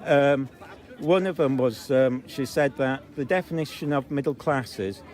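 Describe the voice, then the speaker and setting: A man's voice: medium pitch, measured pace, darkish tone. A man from Zambia arguing outdoors on a city street with protesters while filming on a handheld phone, talking bluntly and mockingly and rambling with lots of ums. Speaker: street filmer. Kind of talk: confrontational street argument.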